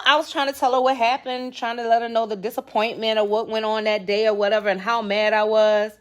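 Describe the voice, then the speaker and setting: A woman podcast host telling a comic personal story, animated and profane, talking straight to her listeners. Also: on the high side, fairly quick, hardly any pauses.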